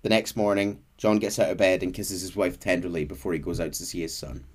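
A man's voice: deep voice, fairly even intonation, fairly quick. Man retelling a story in a casual chat. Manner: reads out dialogue in quotes, soft and subdued. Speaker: podcast host retelling a game story.

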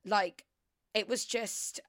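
A woman's voice: medium pitch, fairly even intonation, slow pace, no echo, studio quality. A young woman, hosting a casual confessional chat, rambling and chatty with lots of fillers. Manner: rambling, chatty, heavy use of "like". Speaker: podcast host.

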